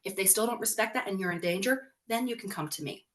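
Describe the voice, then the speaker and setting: A woman's voice: mid-range voice, fast. A woman co-hosting a podcast, talking casually about parenting and often acting out what children and parents say. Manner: animated, acts out quotes of kids and parents. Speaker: podcast co-host; works with young schoolchildren.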